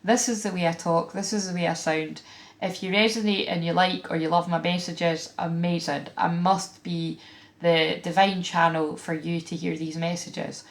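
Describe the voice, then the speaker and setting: A woman's voice: on the low side, fairly even intonation, moderate pace. A Scottish woman hosting a spiritual reading vlog, talking frankly and chattily with plenty of fillers and asides. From Scotland. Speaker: tarot reader and spiritual channeler. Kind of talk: casual spiritual vlog talk.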